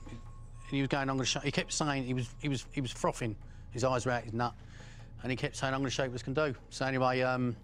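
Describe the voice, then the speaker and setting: A middle-aged man, a former criminal giving a blunt, profane account of his past, pausing often with fillers. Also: mid-range voice. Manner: blunt, profane storytelling with frequent pauses and fillers. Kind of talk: first-person recollection.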